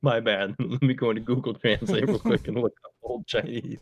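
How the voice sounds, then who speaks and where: A man co-hosting a casual podcast, riffing on odd facts with jokes and quick comic bits. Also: medium pitch, gravelly, slightly rough. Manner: riffs with comic bits and acted-out voices, laughs often. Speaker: podcast co-host. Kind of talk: casual chat.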